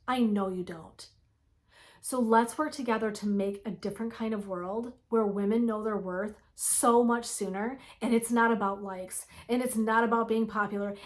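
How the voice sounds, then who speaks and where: A woman in her forties giving a fiery, blunt motivational pep talk in her vlog, swearing freely. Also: fairly high pitch. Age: 40s. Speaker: wellness vlogger.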